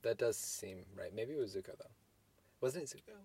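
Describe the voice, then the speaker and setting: A man co-hosting a podcast in casual chat, relaxed and rambling with many fillers. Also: on the low side, fairly quick, breathy edge. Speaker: podcast co-host.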